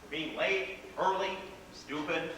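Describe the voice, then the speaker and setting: A man's voice: fairly high pitch, measured pace, pushed and bright. An actor playing a whimsical, rebellious grown man, telling stories with theatrical, playful flourishes in a live stage play. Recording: echoey theater hall from far off, faint noise.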